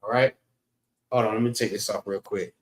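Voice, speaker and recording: A man teaching an informal scripture class in a relaxed way, often saying "all right" between points. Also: lowish voice, fairly quick. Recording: roomy echo.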